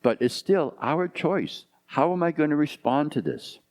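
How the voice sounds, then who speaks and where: A man's voice: a little high, lively intonation, measured pace, a little mellow. A man in his fifties, a pastor preaching a conversational sermon full of rhetorical questions.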